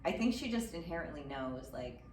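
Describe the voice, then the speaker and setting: A woman who is a mother and podcast guest, telling lively stories in casual chat. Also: sits low, brisk. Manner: chatty, animated storyteller. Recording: echoey room, mic far off, noisy.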